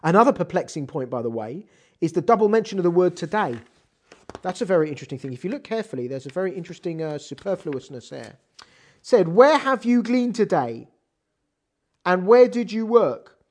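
A Torah teacher giving a text study lesson, animated and full of rhetorical questions, reading out Hebrew terms. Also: mid-range voice, fairly quick.

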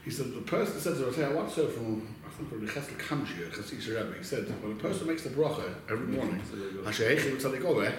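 A man giving a casual Torah class to a small group, telling a story and then going through Jewish law, talking in a halting way with many restarts and Hebrew terms. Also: mid-range voice, lively intonation, heavy reverb, a little hiss or hum.

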